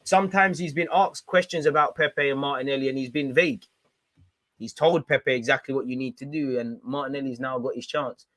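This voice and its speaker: London guy riffing about football to his viewers, chatty and slangy, dry sound, middling pitch. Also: fairly quick, no room sound. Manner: chatty, slangy, excitable, calls listeners "man". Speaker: football channel host. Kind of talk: casual fan reaction commentary.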